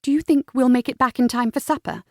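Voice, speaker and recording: A woman voicing a bold, excitable young lady who huffs and shrieks. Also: fast talker, no echo, studio quality, lightly acted. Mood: bright. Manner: high, shrill, huffy.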